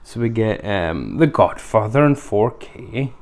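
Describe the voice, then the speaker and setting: A man's voice: on the low side, lively intonation, a little slow, vocal fry, a little mellow. A man hosting a casual unboxing review, chatty and rambling with lots of fillers. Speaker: video host.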